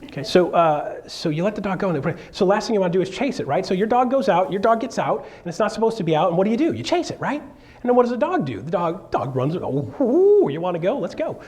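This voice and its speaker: Animated joking man telling a story. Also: high voice, fast. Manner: animated, jokey storyteller acting out voices. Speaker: real estate speaker. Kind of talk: storytelling talk to a live audience.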